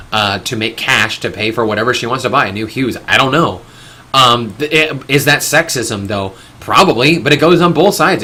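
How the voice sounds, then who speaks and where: A man with a bright, forceful voice hosts a live stream. He talks in an opinionated, rambling way. He restarts his sentences often and swears casually. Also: medium pitch.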